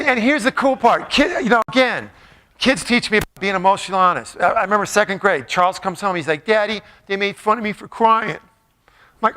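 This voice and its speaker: Middle-aged male motivational speaker, high bright voice, playful and joking with a live crowd. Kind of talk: live talk to an audience.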